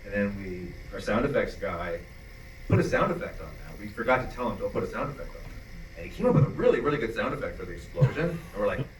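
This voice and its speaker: A man's voice: on the low side, lively intonation, quick pace, slight background noise. A man on a film panel talking enthusiastically, stumbling over repeated restarts. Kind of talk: panel Q&A answers. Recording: echoey hall, distant mic.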